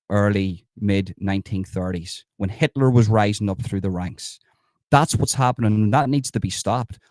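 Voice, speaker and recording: A man's voice: fairly low pitch, a little mellow, dry recording, studio quality. Emphatic Irish man hosting a livestream. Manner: emphatic, repetitive, addresses viewers as folks. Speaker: livestream host. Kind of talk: livestream commentary reading chat.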